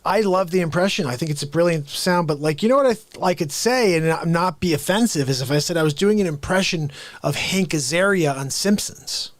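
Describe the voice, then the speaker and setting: A man's voice: fairly high pitch, no room sound. A man hosting a casual live talk show, rambling and joking with many restarts. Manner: rambling, quick restarts, jokey. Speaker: host.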